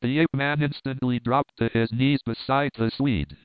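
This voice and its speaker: A man reading an adventure novel aloud in steady, measured narration. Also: mid-range voice, smooth, no room sound. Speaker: audiobook narrator. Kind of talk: scripted narration. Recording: tinny phone-like, dry.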